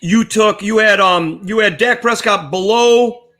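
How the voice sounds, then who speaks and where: A man's voice: sits high, a little slow, a bit bright. An older man co-hosting a sports betting show, chatting casually and joking as he recaps picks. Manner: chatty, joking, repeats punchlines.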